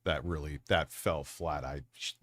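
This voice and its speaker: A man's voice: a bass voice, steady tone, unhurried, a bit bright, no echo. A man hosting a casual livestream, talking in a rambling, jokey, off-the-cuff way. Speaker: livestream host.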